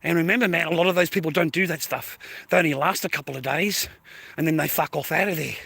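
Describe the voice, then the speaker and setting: A man's voice: a little high, fast, creaky, pushed and bright, husky, no room sound. A man with an Australian accent, livestreaming a casual outdoor monologue, blunt and sweary, tagging his sentences with "mate" and "bro". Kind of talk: casual live stream monologue. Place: outdoors near neighbourhood shops.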